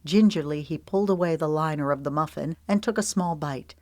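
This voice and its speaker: Steady woman reading a romance audiobook. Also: deep voice, a little fast, no echo, clean studio sound. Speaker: audiobook narrator.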